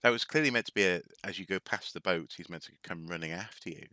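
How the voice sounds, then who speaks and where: A man chatting his way through a game stream, wandering between thoughts and restarting his sentences. His voice sits low but has a sharp, tense edge. It is recorded close and dry. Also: quick pace, no echo. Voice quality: rambling, with many fillers and restarts. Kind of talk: casual gaming commentary.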